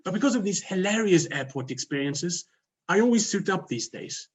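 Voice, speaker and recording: Self-mocking Swedish-accented man, husky voice. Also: high-pitched, lively intonation, moderate pace. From Sweden. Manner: dry self-mocking humor, plays voices of officials. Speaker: contest speaker. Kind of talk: humorous contest speech.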